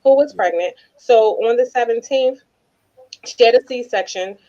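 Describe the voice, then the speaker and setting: A woman's voice: a little high, measured pace, dark tone, lo-fi sound. A woman co-hosting a casual podcast chat, reading listener comments aloud and steering the topics. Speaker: podcast co-host.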